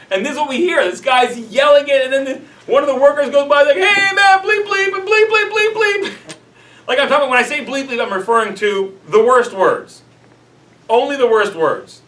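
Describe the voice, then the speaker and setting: Recorded from a distance in an echoey room, a rabbi leads a class, telling stories in a loose, chatty way loaded with "like" and "you know." His voice is very high-pitched and a bit bright.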